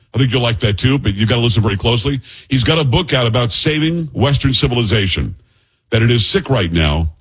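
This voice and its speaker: A man's voice: medium pitch, husky, poor audio. A male talk radio host in a chatty, opinionated monologue, putting direct questions to his listeners.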